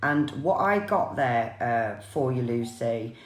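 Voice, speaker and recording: A woman's voice: a bass voice, expressive, a little slow, echoey room. A woman working as a psychic medium, giving a chatty live-streamed reading and often repeating viewers' names.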